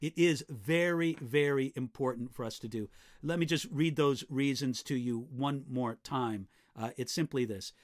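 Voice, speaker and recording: A man's voice: mid-range voice, normal speed. A man giving an earnest, direct teaching talk to preachers and Bible teachers, often repeating a word as he starts a sentence. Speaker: preaching instructor.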